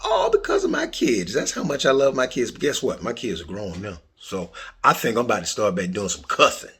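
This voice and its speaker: A man's voice: lowish voice, a little fast, a crowd in the background. A middle-aged man hosting his own podcast, talking casually in a playful, joking way. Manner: playful, jokey and expressive. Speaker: podcast host. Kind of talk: casual monologue.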